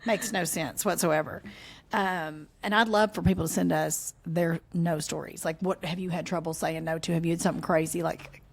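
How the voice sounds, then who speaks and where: Animated Southern woman co-hosting a chat. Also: fairly low pitch, moderate pace, gravelly, breathy edge. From American South. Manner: animated, acts out quoted lines in playful voices. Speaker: podcast co-host. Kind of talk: casual chat.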